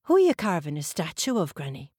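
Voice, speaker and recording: A woman's voice: deep voice, wildly swooping pitch, quick pace, darkish tone, slightly rough, dry recording, clean studio sound, heavily acted. A woman voicing a curious little girl who never stops asking questions, eager and insistent.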